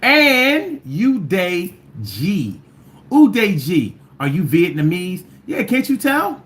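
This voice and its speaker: This Philadelphia livestream host speaks slowly with a Philly accent, his high, slightly bright voice swinging hugely in pitch. He reads out viewer comments playfully, riffing and slipping into sing-song chants and the odd bit of singing.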